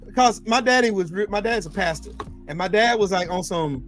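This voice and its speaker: A man's voice: sits high, a little fast, loud music behind the voice. A man, a military veteran hosting a casual chat, telling profane stories with lots of laughter. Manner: animated, profane, laughing storyteller. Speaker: podcast host, military veteran.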